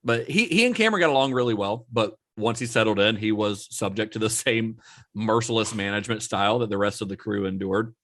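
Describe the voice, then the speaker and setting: A man's voice: lowish voice, expressive, a little fast, fairly bright tone, no echo, clean studio sound. A man hosting a podcast, telling a film story in a casual, rambling way with many fillers and laughs. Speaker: podcast host.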